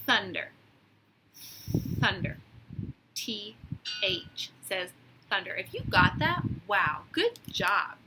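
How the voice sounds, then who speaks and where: A woman teacher giving a phonics lesson to young children, slowly sounding out letters with encouragement, outdoors on a deck. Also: medium pitch, big pitch swings. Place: outdoors on a deck by a lake, rain starting. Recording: loud outdoor noise.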